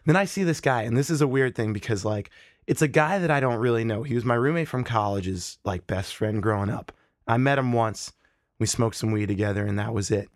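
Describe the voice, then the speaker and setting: Profane, animated man telling a story. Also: mid-range voice, fairly quick, dry recording, studio quality. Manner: profane, animated, acts out the people in his stories. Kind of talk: casual storytelling.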